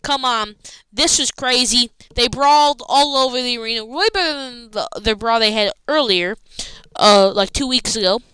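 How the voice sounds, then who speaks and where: A woman recaps a wrestling show in a loose, rambling way, forgetting what she meant to say and filling gaps as she goes. She sounds tired. Her voice is high, smooth and bright, and it is recorded dry and close. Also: normal speed, no room sound, low-quality recording. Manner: rambling, loses her train of thought, filler-heavy.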